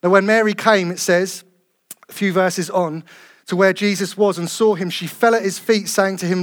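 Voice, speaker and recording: Man, preacher, sermon, earnest, emphatic, fairly high voice. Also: a bit bright. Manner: earnest, emphatic, slows down to stress key phrases.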